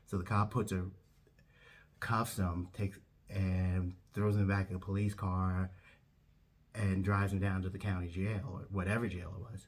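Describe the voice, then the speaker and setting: Low-voiced man telling a comic anecdote. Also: unhurried. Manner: animated, acts out every voice. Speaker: comedic storyteller.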